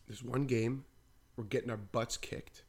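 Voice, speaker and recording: Animated man telling stories, casual. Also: mid-range voice, a little slow, husky. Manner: animated, acts out quotes, says "like" often. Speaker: podcast co-host. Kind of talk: casual storytelling chat.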